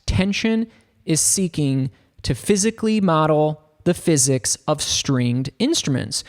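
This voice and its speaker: A man giving a casual, rambling tutorial on a software synth, talking loosely with lots of filler words. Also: a little high, creaky. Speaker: music production tutor. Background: faint synth keyboard notes.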